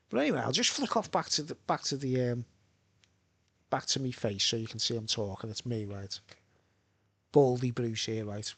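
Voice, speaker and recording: A man's voice: mid-range voice, slightly rough, no echo. Rambling Merseyside man. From Birkenhead, England. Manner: rambling, tag questions, asides. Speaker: vlogger. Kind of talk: rambling live monologue.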